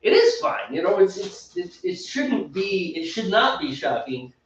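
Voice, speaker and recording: A man co-hosting a casual homebrewing podcast, an animated storyteller who laughs and mimics voices. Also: sits high, measured pace, slight background noise. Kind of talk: casual banter. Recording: echoey room, distant mic, dull lo-fi sound.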